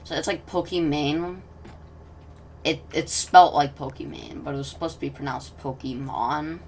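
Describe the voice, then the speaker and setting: Woman gamer commentating casually; low, gravelly voice that wanders and trails into mutters, recorded a bit far from the mic. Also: steady tone, fairly quick, slight background noise. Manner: rambling, self-interrupting, drops to soft mutters. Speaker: gaming commentator.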